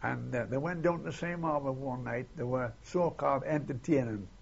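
A man's voice: medium pitch, moderate pace, vocal fry, lo-fi sound, slight background noise. An older man telling his memories in an oral history interview, in a rambling way, often tagging on "see?" and "eh?". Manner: rambling, keeps adding "see?" and "eh?". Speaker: interviewee recalling war memories.

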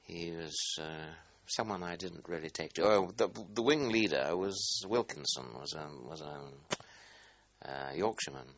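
An older man recalling his wartime squadron in an interview, halting and searching for words. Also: deep voice, a bit bright, highs cut off. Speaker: interviewee, former squadron commander. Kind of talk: oral history interview.

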